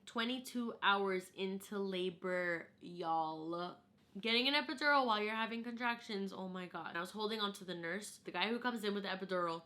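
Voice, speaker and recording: A young American woman vlogging, telling a personal story in a casual, animated way and acting out the quotes. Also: medium pitch, moderate pace. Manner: animated, acts out quotes of herself and others.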